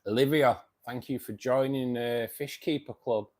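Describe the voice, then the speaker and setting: A man's voice: medium pitch, fairly even intonation, moderate pace, darkish tone. A tired man hosting a fishkeeping live stream, chatting casually, reading viewer comments and calling everyone mate. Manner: chatty, says "mate" often, rambling restarts.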